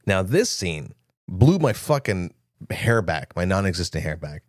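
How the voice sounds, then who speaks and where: Animated man recapping a movie. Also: deep voice, a little slow, no room sound, studio quality. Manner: animated, jokey recaps with quoted lines. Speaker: podcast co-host. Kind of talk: casual movie discussion.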